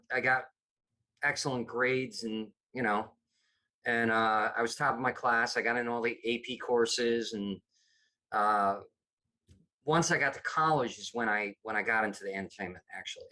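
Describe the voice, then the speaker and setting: A man's voice: medium pitch, pushed and bright. A middle-aged man from upstate New York, a comedy producer chatting as a podcast guest, rambling with many restarts. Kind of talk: casual interview chat.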